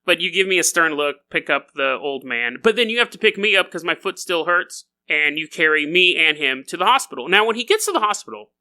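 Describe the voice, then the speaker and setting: A man hosting a podcast, telling stories in a goofy, animated comedic monologue and often laughing as he talks. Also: on the high side, a little fast, hardly any pauses, clear, resonant tone. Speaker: podcast host.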